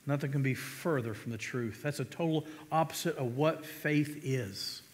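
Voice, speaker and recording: A male pastor preaches a sermon in a church sanctuary, his medium-pitched voice unhurried and almost free of pauses. He is emphatic, putting rhetorical questions to the congregation and calling for amens, with the long reverb of the church hall filling the recording.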